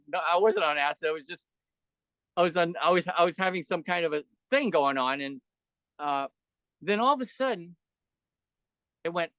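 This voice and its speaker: An older man, a podcast guest, telling reflective stories in a meandering way, with many restarts and fillers. He gets animated and full of wonder as he recounts what he went through. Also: a little high, dry recording. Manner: grows animated and wondering when recounting experiences. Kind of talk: reflective conversational storytelling.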